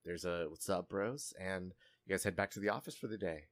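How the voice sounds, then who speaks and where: A man narrating a tabletop game as game master, relaxed and hesitant with fillers. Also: sits low, fast talker.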